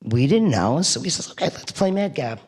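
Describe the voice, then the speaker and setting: A woman's voice: sits low, very animated, normal speed, a little mellow, slightly rough. A middle-aged woman with a New York accent, giving a eulogy full of funny stories and laughing as she tells them. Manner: chatty storyteller who laughs through her stories. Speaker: eulogy speaker. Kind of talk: eulogy sharing funny memories. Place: church hall. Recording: long reverb of a church hall.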